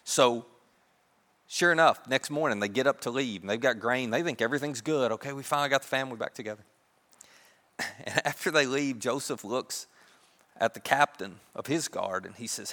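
A man preaching a sermon, telling a story in a lively way and acting out the characters' voices. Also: mid-range voice, moderate pace. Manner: animated, acts out characters' voices. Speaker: pastor. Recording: long reverb of a large hall.

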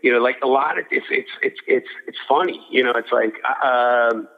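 A man's voice: medium pitch, normal speed, creaky. An older man from Philadelphia, a boxing cutman, telling rambling stories in a casual interview, full of restarts and fillers. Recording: phone-like audio with long reverb.

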